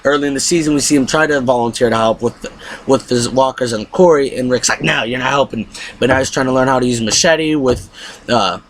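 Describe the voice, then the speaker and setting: A man casually recapping a TV episode, excitable and acting out the characters' lines. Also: medium pitch, fast, a little hiss or hum. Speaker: TV show reviewer.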